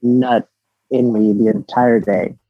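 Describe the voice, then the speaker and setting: A husky-voiced man in his twenties talks frankly as an interview guest, giggling and often restarting his sentences. The sound is dry and close, but slightly dull and lo-fi. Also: medium pitch, steady tone, slow pace, dry recording. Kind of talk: candid casual interview.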